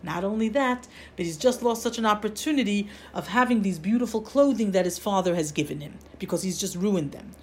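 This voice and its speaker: A woman teaching a religious lesson in a mid-pitched voice. She tells her story in an animated way, often restarting her sentences, and her voice rises and falls a lot as she explains. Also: fairly quick, hardly any pauses. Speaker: Torah teacher.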